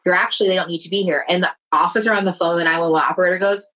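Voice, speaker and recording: A woman with a fairly low voice tells a personal story in a relaxed, chatty way. She is lively and expressive and slips into the voices of the people she quotes. She sounds middle-aged. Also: racing, poor audio. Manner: animated, acts out quoted voices. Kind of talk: casual storytelling chat.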